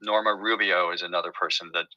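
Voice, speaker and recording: A man's voice: sits low, fairly even intonation, quick pace, sharp tone, no room sound, muffled recording. A man who creates and writes a TV show, telling his story in a casual interview with many fillers and restarts.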